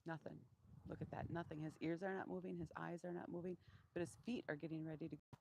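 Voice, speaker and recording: Woman trainer, lowish voice, calm and monotone, outdoor pen, faint noise. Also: gravelly, poor audio. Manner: calm, low-key, deliberately monotone. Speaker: donkey trainer. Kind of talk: live training demonstration.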